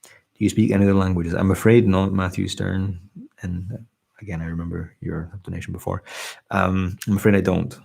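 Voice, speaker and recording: A man born in England and raised in Scotland, hosting a late-night ASMR live stream, speaking softly and humbly as he reads out viewer comments. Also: deep voice, flat delivery, fairly quick, creaky, slightly rough. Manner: soft, warm and humble, often trailing off. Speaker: ASMR channel host. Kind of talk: soft-spoken live stream chat, reading comments.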